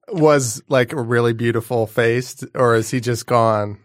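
A man chatting casually, halting and blunt, often trailing off. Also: medium pitch, no room sound, studio quality. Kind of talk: casual podcast chat.

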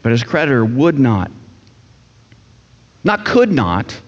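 A man preaching a sermon in a casual, animated storytelling manner. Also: mid-range voice, slow pace, pauses often. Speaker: pastor. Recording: echoey hall, dull sound.

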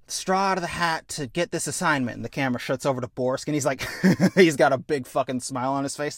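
A man co-hosts a podcast and pitches a film story in a loose, casual way. He slips into characters' voices and swears freely as he goes. His voice sits at an average pitch and sounds dry and close to the mic. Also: fast, few pauses, dry recording. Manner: animated, acts out characters with profanity. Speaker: podcast co-host.

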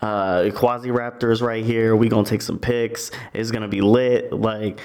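A man's voice: lowish voice, creaky. A man voicing a young male DJ hyping his followers on a livestream. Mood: hyped. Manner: fast, excited hype talk.

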